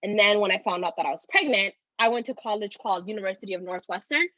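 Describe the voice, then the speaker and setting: A woman's voice: medium pitch, fast talker, a bit bright, dry recording, muffled recording. A woman in her twenties, teary and rambling, telling a personal story with many "like"s. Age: 20s. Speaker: guest.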